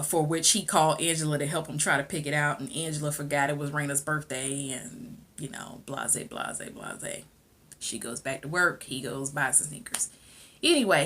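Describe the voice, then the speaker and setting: Sassy woman recapping a TV episode. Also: low voice. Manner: sassy, animated, laughs often. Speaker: TV episode reviewer. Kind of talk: casual chat, recapping a show.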